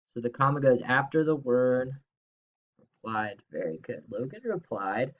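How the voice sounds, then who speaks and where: A man's voice: medium pitch, lively intonation, normal speed, narrow, tinny audio. A young man teaching a third grade grammar lesson from home, upbeat and playful, reading worksheet items aloud. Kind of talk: recorded remote grammar lesson.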